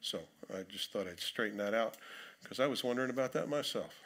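Bright-voiced pastor preaching with dry humor. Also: male voice, medium pitch, a little fast. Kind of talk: sermon with scripture reading. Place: church sanctuary.

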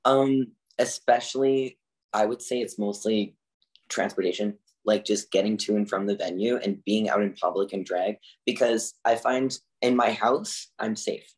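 A man's voice: on the low side, steady tone, normal speed. A man, a drag artist talking casually as a podcast guest, with lots of "like" fillers. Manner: chatty, filler-heavy with frequent "like". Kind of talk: casual interview talk.

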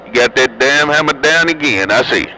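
A CB radio operator trades slangy jokes and teasing with fellow drivers in casual chat. The rough recording catches a crowd behind his animated, mid-range voice, which moves at a moderate pace.

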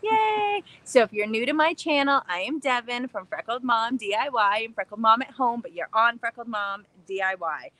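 Bubbly high-voiced woman, very animated. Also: moderate pace, few pauses, no echo. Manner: bubbly, excited, scattered. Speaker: craft channel host. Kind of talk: casual livestream chat. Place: backyard, outdoors.

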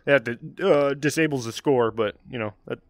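A man's voice: mid-range voice, moderate pace, dry recording. A man casually commentating his own gameplay on a stream, chatty and self-mocking, swearing when things go wrong. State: has the hiccups.

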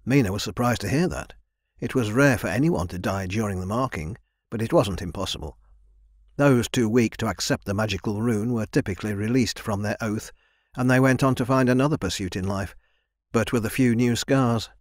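A man narrating a young adult fantasy audiobook in an even, measured reading. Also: on the low side, dry recording, clean studio sound. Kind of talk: scripted narration.

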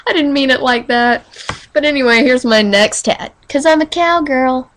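A young woman on a quiet webcam mic, chatting in a bubbly, goofy, apologetic way, a bit stuffy from allergies. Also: high-pitched, normal speed, a little hiss or hum, poor audio. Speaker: YouTuber auditioning for a collab channel. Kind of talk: casual webcam vlog.

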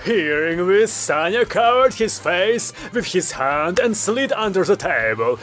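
Lively male audiobook narrator. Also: sits high, measured pace, soft background music.

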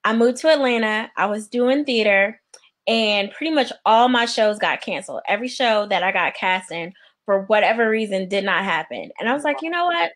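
Relaxed actress from New York. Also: female voice, mid-range voice, normal speed. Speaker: guest, actress. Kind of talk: interview storytelling.

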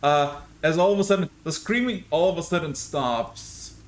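A man's voice: on the high side, normal speed. A man running a tabletop game as game master, narrating scenes in a rambling, hesitant way with many fillers.

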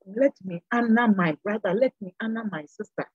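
A woman's voice: mid-range voice, normal speed, husky, no echo, muffled recording. An older woman speaking as a guest on a church program, giving an earnest, sermon-like exhortation and repeating phrases for emphasis. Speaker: panel guest.

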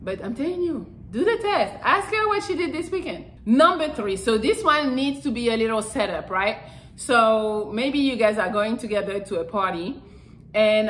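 A woman's voice: fairly high pitch, fairly bright tone, rough recording. A woman vlogger giving frank, profane dating advice in a loose, rambling way. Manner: blunt and profane, rambling with fillers. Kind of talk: casual talking-to-camera advice.

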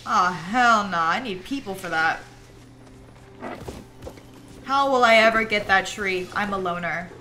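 A young woman livestreaming, chatting casually while she plays a game, rambling and animated with lots of "like" and quick bursts of laughter. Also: medium pitch, a little hiss or hum. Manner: chatty and rambling, heavy use of "like"; animated storyteller who breaks into laughter. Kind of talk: casual chat while gaming.

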